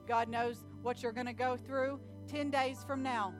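A woman preaching a sermon in church, telling stories and acting out scenes with loud animated bursts. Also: fairly high pitch, measured pace, over music. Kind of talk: sermon with storytelling.

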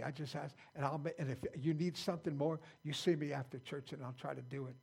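Older gravelly-voiced pastor, plain-spoken. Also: male voice, fairly high pitch, steady tone, a little fast, few pauses, a little mellow. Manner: plain-spoken, folksy, repeats himself. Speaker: pastor and church founder. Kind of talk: informal sermon. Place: church.

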